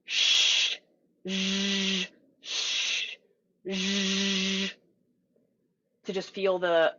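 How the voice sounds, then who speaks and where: A young adult woman coaching an online group voice lesson, calm and encouraging as she talks through breathing and resonance exercises. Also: mid-range voice, muffled recording. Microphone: video call mic.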